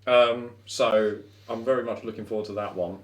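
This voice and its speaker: A man's voice: lowish voice, steady tone, moderate pace, roomy sound. A man co-hosting a gaming podcast, chatting casually, swearing freely and laughing a lot. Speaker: podcast co-host.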